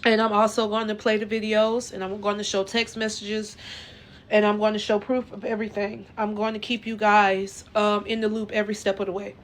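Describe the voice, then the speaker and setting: A woman telling her own story to her viewers in a casual, earnest way, rambling and halting with lots of fillers and restarts. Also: mid-range voice, flat delivery. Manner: earnest and emotional.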